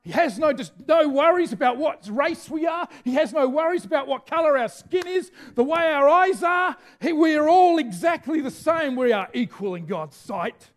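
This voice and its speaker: A middle-aged man preaching a sermon with energy, shouting out key phrases. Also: extremely high pitch, moderate pace, few pauses.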